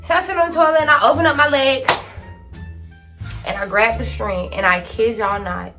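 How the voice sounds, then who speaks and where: An eighteen-year-old woman vlogger telling a dramatic storytime to her phone camera, animated and full of slang. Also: medium pitch, normal speed, over music.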